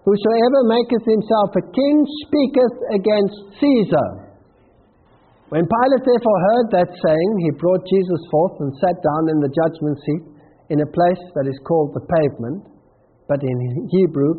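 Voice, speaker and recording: Dramatic preacher with tinny sound. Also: male voice, normal speed, breathy edge. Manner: emphatic, dramatic swings of pitch and pace while reading scripture. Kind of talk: sermon. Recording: tinny phone-like audio.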